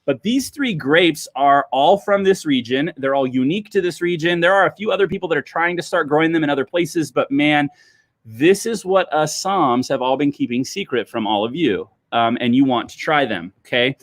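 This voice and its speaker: A man's voice: a little high, normal speed, no echo. A man hosting a livestreamed wine lesson as a sommelier, talking chattily to his viewers, calling them guys and checking in with them often. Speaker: sommelier host.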